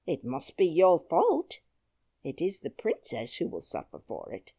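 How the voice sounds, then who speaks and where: A woman's voice: lowish voice, huge pitch swings, measured pace, warm tone, no echo, clean studio sound, heavily acted. A woman voicing a brave, cheerful twelve-year-old miner boy who talks boldly and plainly. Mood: frank. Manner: bold, singing taunts, plain-spoken.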